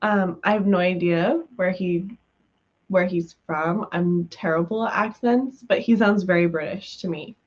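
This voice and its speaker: A livestream host from the US West Coast chats casually with viewers in a fairly low, unhurried voice, giggly and full of fillers. She's just gotten over being sick, and the recording sounds muffled.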